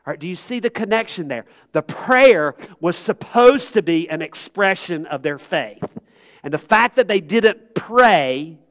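A man's voice: a little high, a bit bright. A man, preaching an earnest, conversational sermon to a congregation in a church. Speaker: pastor. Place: church sanctuary.

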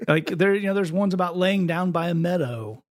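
A man with a fairly high voice, chatting wryly on a podcast. He talks in long, loose stretches and often restarts as he goes. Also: lively intonation, moderate pace. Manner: chatty, wry, repeats words as he starts sentences. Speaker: podcast co-host. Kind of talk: casual chat.

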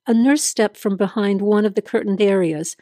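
A woman reading a story podcast aloud as narrator in measured, steady scripted narration. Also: medium pitch, no echo, studio quality.

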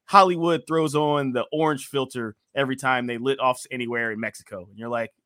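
Bright-voiced joking male co-host. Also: medium pitch, a little fast, dry recording, studio quality. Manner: animated, jokey, mimics voices for laughs. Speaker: podcast co-host. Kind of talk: casual sports-tech chat.

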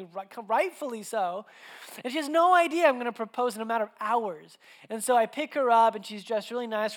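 A young man with a voice that sits high preaches a sermon, sharing personal stories animatedly and conversationally while often restarting his sentences.

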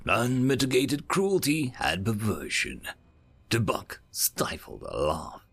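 A man hosting his channel and narrating a sci-fi short story in an expressive audiobook reading. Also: medium pitch, vocal fry, slightly rough.

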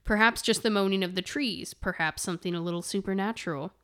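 A woman's voice: mid-range voice, fast talker, fairly bright tone. A woman with an American accent, co-hosting a podcast and reading ghost lore aloud, laughing and stumbling often. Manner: giggly, reads aloud with frequent laughs and stumbles. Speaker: podcast co-host.

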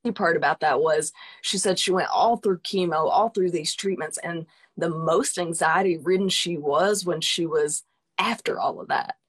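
Low husky woman hosting a live stream. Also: moderate pace. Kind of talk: conversational interview.

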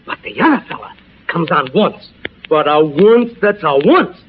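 A jittery, fast-talking agent, always coaxing and placating a difficult client. His voice sits high and swoops all over the place, heard through a thin, tinny old film soundtrack with a faint hiss. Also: very animated. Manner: pleading, nervous, fast-talking.

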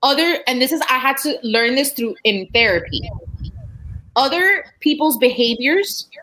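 A woman gives advice in casual chat and lays out each point with emphasis. Her voice is somewhat high. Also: expressive, normal speed, bright, forceful tone, slight background noise, rough recording.

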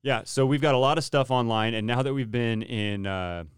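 A man's voice: mid-range voice, moderate pace, clear, resonant tone, no echo, studio quality. A man hosting a casual church podcast, joking and chatty, with plenty of fillers. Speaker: podcast host.

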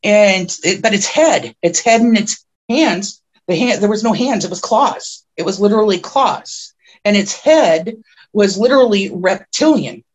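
A woman guest on a podcast, telling a long personal story in a rambling way with many restarts, who gets excited at the tense parts. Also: unhurried, husky. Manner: grows excited and high-pitched when telling the tense parts. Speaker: podcast guest, self-described oracle.

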